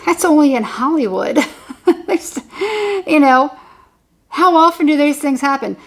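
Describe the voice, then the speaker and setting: A woman with a high, light voice talks through a tarot reading in a loose, casual way. She rambles and circles back to the same points again and again, often laughing. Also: expressive, unhurried. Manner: chatty, rambling, repeats herself, laughs often. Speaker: tarot reader.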